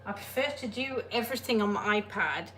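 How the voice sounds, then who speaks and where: A woman's voice: mid-range voice, a little fast, pushed and bright, a little hiss or hum. A woman live-streaming from home, flustered and laughing at her own technical mishaps, speaking to a phone on a shelf above her. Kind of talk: casual live-stream chat. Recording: echoey room, faint ambience.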